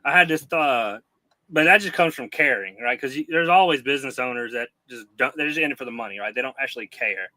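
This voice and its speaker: A man's voice: mid-range voice, fast talker, sharp tone, low-quality recording. A man co-hosting a casual podcast chat, talking in a hesitant, stumbling way. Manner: hesitant, stumbling, full of fillers. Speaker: podcast co-host.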